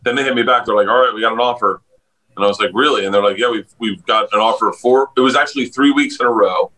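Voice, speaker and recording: A man, a comedian guest on a podcast, telling stories over a video call with lots of laughter and excited jumps in pitch. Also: quick pace, low-quality recording. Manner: loud storyteller, laughs a lot, jumps up in pitch when excited. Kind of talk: casual podcast chat.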